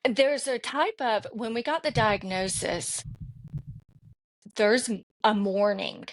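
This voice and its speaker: A woman's voice: a little high, slow. A middle-aged woman, a podcast guest, telling a personal story in an earnest, rambling way with many restarts.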